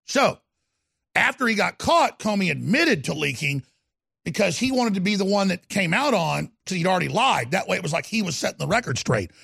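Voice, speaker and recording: A man hosting a talk radio show, his gravelly voice sitting fairly high for a man. He rants with heat, drops low, then bursts out loud again. The studio sound is dry and close. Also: big pitch swings, brisk, no room sound. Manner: emphatic ranting delivery, shifting between low growls and sudden loud outbursts. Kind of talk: fiery political talk radio monologue.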